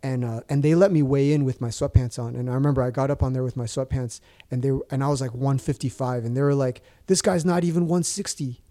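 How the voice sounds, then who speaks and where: Guy in his 30s rambling thru a story, mellow darkish voice, lots of uh and like. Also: mid-range voice, little pitch movement, fast, few pauses. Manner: rambling with many fillers and restarts. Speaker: guest. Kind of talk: casual storytelling.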